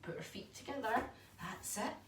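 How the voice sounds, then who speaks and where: A woman leading a children's yoga story lesson in an animated, encouraging, sing-song way. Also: on the high side, moderate pace. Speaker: kids yoga teacher. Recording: echoey room, mic far off, faint noise.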